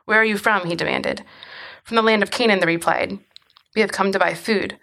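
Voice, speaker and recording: A woman's voice: mid-range voice, a little fast, creaky, pushed and bright. A woman co-hosting a casual podcast, chatting loosely with lots of fillers and then reading scripture aloud. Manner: chatty, filler-heavy, laughs often. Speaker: podcast co-host.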